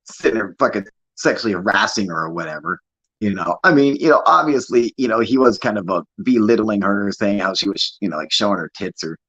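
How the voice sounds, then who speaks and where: Husky low-voiced man, profane stream rant. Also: a bit bright, poor audio. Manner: profane, rambling, laughing. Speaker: livestream host. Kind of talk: casual livestream chat.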